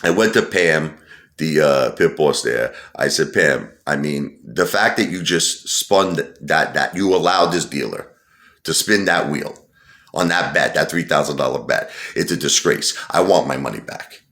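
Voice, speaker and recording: A man's voice: extremely low pitch, a little slow, fairly bright tone, echoey room. A man telling a long personal story in a rambling, defensive way, often repeating himself. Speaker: channel host telling a story. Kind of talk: casual storytelling monologue.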